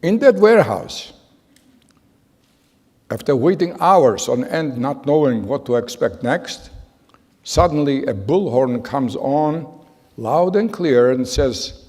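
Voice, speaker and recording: A man in his nineties giving spoken testimony to an audience in a large hall, telling his story in a halting, earnest way with repeated phrases. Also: medium pitch, expressive, darkish tone, husky. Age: 90s. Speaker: Holocaust survivor giving testimony. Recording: long reverb of a large hall.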